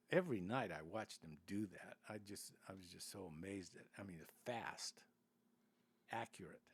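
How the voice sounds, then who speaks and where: A man's voice: deep voice, gravelly, husky. An older man telling rambling stories as a podcast guest, full of restarts and asides. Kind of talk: casual storytelling.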